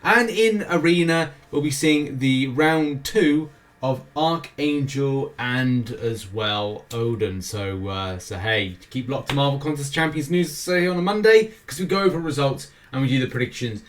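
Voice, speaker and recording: A man's voice: medium pitch, lively intonation, a little slow. A British man talks through a game's weekly schedule in a loose, rambling way. He keeps breaking off for jokey, self-mocking asides. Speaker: gaming show host. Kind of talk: casual weekly game schedule rundown.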